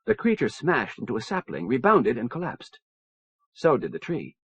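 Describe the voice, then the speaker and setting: A man reading a science fiction audiobook in measured storytelling narration, on a dull lo-fi cassette recording. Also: mid-range voice, wildly swooping pitch, breathy edge, no echo. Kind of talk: scripted narration.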